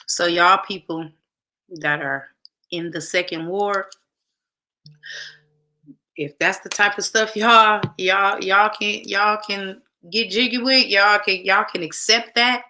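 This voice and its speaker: Bright-toned woman host, emphatic and repetitive. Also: mid-range voice, steady tone, takes it slowly, pauses often. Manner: emphatic, repeats phrases, speaks directly to viewers. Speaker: show host. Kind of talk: casual talk show monologue.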